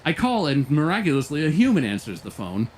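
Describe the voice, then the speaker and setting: A man's voice: fairly high pitch, wildly swooping pitch, fairly quick. Swearing, exasperated man telling a story. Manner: profane, exasperated, laughs while recounting. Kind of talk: casual storytime rant.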